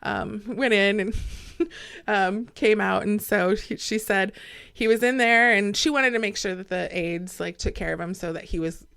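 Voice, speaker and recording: A woman's voice: mid-range voice, a little slow, creaky, a bit bright, clear, resonant tone, no echo, studio quality. A woman guest on a podcast, telling stories in a casual conversation and laughing often.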